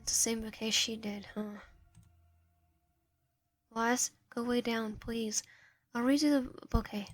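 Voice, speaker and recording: A woman's voice: a little high, steady tone, unhurried, long pauses, dry recording. A woman streamer reading a visual novel aloud, narration and player lines, often stumbling and restarting. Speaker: game streamer.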